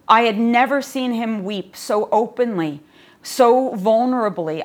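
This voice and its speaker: A middle-aged woman, a yoga teacher, talking as a podcast guest in an earnest, reflective storytelling way. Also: medium pitch. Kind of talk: podcast conversation.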